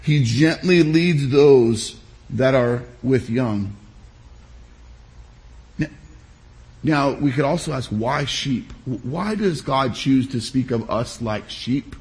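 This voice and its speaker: This sermon comes from a male pastor whose medium-pitched voice has a darkish tone. He speaks with measured emphasis and intentional pauses.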